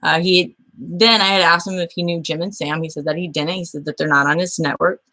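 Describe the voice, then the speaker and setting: A woman's voice: on the low side, fairly even intonation, brisk, pushed and bright. A woman hosting her own show, recounting a dispute by reading old messages aloud, blunt, aggrieved and swearing freely. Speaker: show host.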